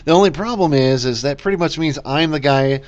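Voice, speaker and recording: A man's voice: fairly high pitch, a little fast, dull audio. A man hosting a casual solo podcast rant, rambling with lots of fillers, restarts and swearing, wired on caffeine. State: caffeinated, talking fast. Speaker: podcast host.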